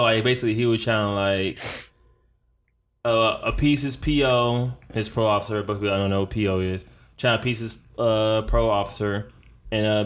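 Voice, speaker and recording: Jokey, rambling podcast host man. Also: fairly low pitch. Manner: jokey, rambling, laughs at his own jokes. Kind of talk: casual chat.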